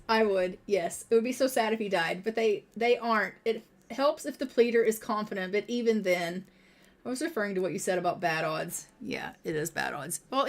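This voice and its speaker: This woman's voice is slightly high and a bit bright as she streams her gameplay. She chats with viewers, remarks on the game, reads its text out, and voices characters from time to time.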